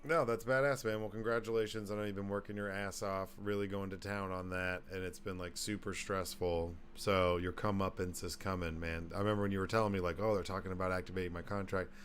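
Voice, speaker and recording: A man hosting a podcast in casual chat, loud and joking, swearing freely and slipping into put-on voices. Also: low-pitched, flat delivery, quick pace, hardly any pauses, a little hiss or hum. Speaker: podcast host.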